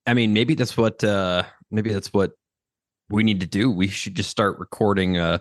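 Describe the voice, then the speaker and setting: A man's voice: fairly low pitch, steady tone, moderate pace, no room sound. A man co-hosting a casual podcast, chatting in a dry, joking way. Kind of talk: casual chat.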